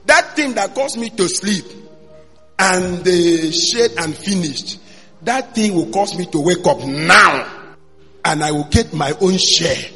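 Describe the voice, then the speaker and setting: Pastor preaching in a reverberant hall. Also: male voice, sits high, expressive, takes it slowly, husky. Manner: storytelling sermon, swings from hushed to shouting. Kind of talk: sermon. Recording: long hall reverb with faint music.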